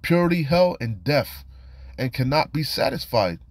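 A man reads scripture and comments on it in a loose, conversational style, warning his listeners. He keeps falling back on "you know" and "man". His voice sits at a middling pitch and sounds close and dry, with no room sound. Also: lively intonation, normal speed, no echo. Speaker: scripture teacher. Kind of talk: informal scripture study and warning.

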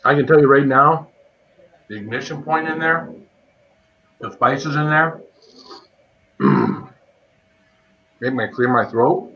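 A livestream host tasting spicy food speaks slowly with frequent pauses and big pitch swings in a mid-range male voice, chatting and greeting viewers by name as he eats. The stream audio is dull and lo-fi.

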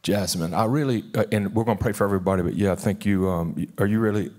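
A man's voice: on the low side, quick pace, darkish tone. A man pastoring a church service, talking in an informal, heartfelt way with many restarts, then praying. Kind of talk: sermon and prayer. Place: church sanctuary.

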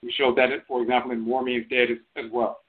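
A man's voice: mid-range voice, level tone, quick pace. Lecturing man on a tinny phone line. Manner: didactic, repetitive, emphatic. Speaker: radio show host. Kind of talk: lecturing talk radio. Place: internet radio broadcast by phone.

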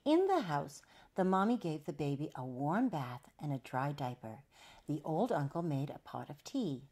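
A woman storyteller reading a children's picture book aloud. Her voice rises and falls in a lively, sing-song way. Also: low-pitched, moderate pace, breathy edge.

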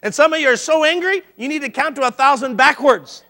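A middle-aged pastor with an extremely high-pitched voice preaches briskly, animating his sermon's stories by acting out each quoted voice.

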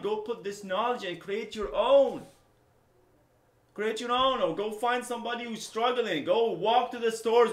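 A middle-aged man, a native Arabic speaker from the Middle East who owns a software company, ranting to camera with passion, repeating himself and swinging between loud and low. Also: reverberant. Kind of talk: unscripted rant to camera.

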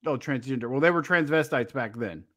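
A man's voice: medium pitch, fairly quick, a bit bright. A man co-hosting a podcast who reads review scores and tells rambling personal stories in casual chat. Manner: rambling, anecdotal. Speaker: podcast co-host.

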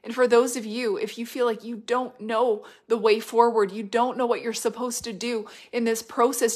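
A middle-aged woman delivering a prophetic word, fervent and repetitive, swinging between loud declarations and hushed whispers. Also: on the high side, fairly even intonation, moderate pace, hardly any pauses. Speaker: prophetic minister.

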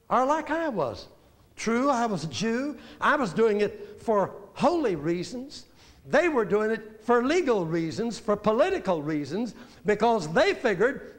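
An older male evangelist preaching in a very high voice. His pitch swoops and climbs as he goes. He drops into quiet, musing passages and then rises again into ringing exhortation. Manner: reflective preaching, swinging between quiet musing and raised exhortation. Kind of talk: sermon.

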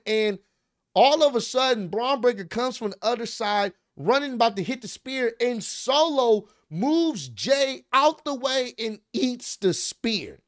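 A fairly high-voiced young man talks through a wrestling match as the host of his own show, getting more and more worked up as he tells it. He swears freely and drops into slang, and his voice sits dry and close with no room around it. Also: a little slow, no room sound. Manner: excitable, animated play-by-play with swearing and slang. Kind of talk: casual wrestling recap.

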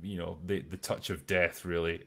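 A man's voice: deep voice, moderate pace, vocal fry. A man hosting a casual online chat show, reading out viewer messages and chatting in a loose, filler-heavy way. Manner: relaxed, hesitant with many fillers.

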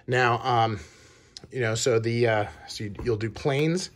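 A man vlogging casually about his shoe and sock collection, talking in a halting way with many pauses and restarts. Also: mid-range voice. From Wisconsin. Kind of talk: casual show-and-tell.

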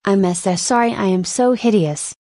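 A grovelling man who can't stop apologizing, stammering and repeating himself, as a woman reads him. The voice sits at a middle pitch and sounds dry and close. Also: moderate pace, mellow, no echo, close to an everyday voice. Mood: tearful. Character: grovelling male test subject, endlessly apologetic.

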